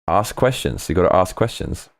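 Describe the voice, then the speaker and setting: A man hosting a livestream, reading viewer comments aloud and chatting in a rambling, animated way. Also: moderate pace, gravelly, dry recording. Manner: rambling and animated, swinging pitch, frequent restarts. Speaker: livestream host.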